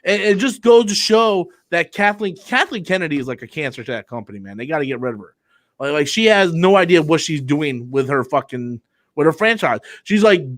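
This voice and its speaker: Heated, high-voiced man ranting. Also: a bit bright. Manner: heated, profane ranting with stammered repeats. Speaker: show host. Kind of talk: live online discussion.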